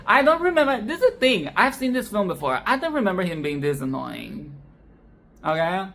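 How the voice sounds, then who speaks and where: Profane, expressive woman reviewing a film. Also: lowish voice. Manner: expressive, profane, repeats phrases for emphasis. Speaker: film commentator. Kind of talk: casual film commentary.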